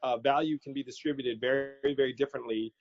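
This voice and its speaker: A man's voice: mid-range voice, fairly even intonation, fast talker, a little mellow, no echo, faint music behind. A man being interviewed as a political candidate, talking casually and animatedly, quoting people in his stories and laughing easily. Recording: dull lo-fi audio.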